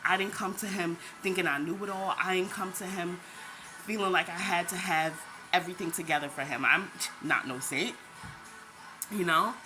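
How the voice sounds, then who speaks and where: A woman's voice: lowish voice, normal speed. A woman giving an emotional personal testimony as a vlogger, tearful at times, who repeats herself and talks straight to her viewers. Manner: talks straight to viewers, addresses them as "y'all". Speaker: vlogger sharing a faith testimony. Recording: background music under the voice.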